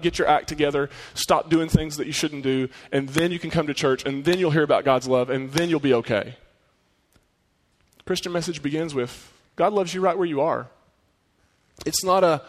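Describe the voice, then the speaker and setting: A man delivers a sermon with a slightly higher voice than most men, speaking earnestly and conversationally. He keeps turning to his listeners with rhetorical questions, and his voice carries a long reverb as if he were in a large hall. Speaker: pastor.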